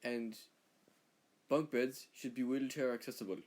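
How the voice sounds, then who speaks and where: A man's voice: medium pitch, steady tone, measured pace, darkish tone, natural voice. Man doing a rambling Irish patriot. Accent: Irish (put on). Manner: rambling, stumbling, self-interrupting. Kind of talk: comedic accent impression.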